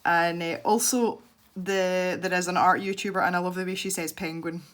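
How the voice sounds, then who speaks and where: Chatty Scottish woman, low voice. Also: steady tone, normal speed, a bit bright. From Scotland. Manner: chatty, rambling, laughs easily. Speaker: art channel host. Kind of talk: casual tutorial chat while colouring.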